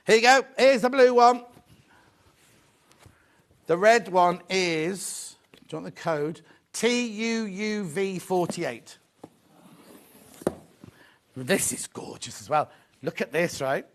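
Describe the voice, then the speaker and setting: A man hosting a live shopping show, chatty and excitable, often repeating his phrases. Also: high voice, slow, pauses often. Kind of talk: live sales presentation.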